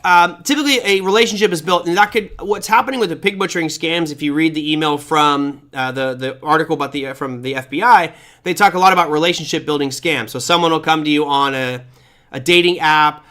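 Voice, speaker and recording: A man hosting a live online crypto trading class, chatty and energetic, reading viewer comments aloud while sharing his screen. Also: on the high side, fairly quick.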